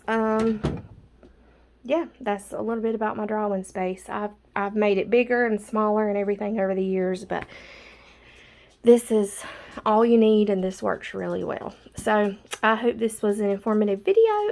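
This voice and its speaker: A woman's voice: a little high, moderate pace, vocal fry, a little mellow. A woman casually showing her drawing supplies in a vlog, chatty and a little out of breath, with lots of filler words. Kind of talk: casual show-and-tell vlog.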